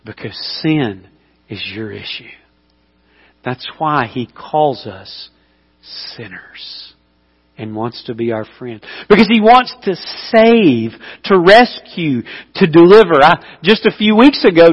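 A man preaching a sermon as pastor, telling stories with lively emphasis and dropping to a hushed voice. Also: a little high, husky. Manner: animated storytelling, swings between loud emphasis and hushed intimacy. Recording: long hall reverb.

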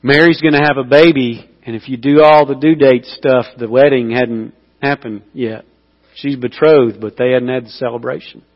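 A man preaching a sermon as pastor, telling stories with lively emphasis and dropping to a hushed voice. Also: mid-range voice, normal speed, muffled recording. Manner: animated storytelling, swings between loud emphasis and hushed intimacy. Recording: long hall reverb.

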